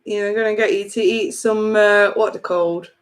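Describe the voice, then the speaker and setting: A woman's voice: medium pitch, fairly even intonation, normal speed. A woman, a tarot reader chatting on a live stream, reading out viewer comments in a chatty, giggly way with casual swearing.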